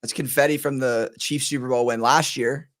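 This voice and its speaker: A man's voice: medium pitch, fairly even intonation, moderate pace, fairly bright tone. Laid-back man hosting a betting podcast. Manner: laid-back, rambling, laughs often. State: strained voice. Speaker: sports betting podcast host. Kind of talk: casual chat.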